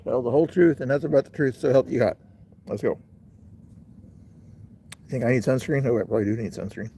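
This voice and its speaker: A man's voice: medium pitch, a little fast, warm tone, a little hiss or hum. A middle-aged man hosting a casual livestream outdoors, rambling and talking straight to his chat. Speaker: livestream host.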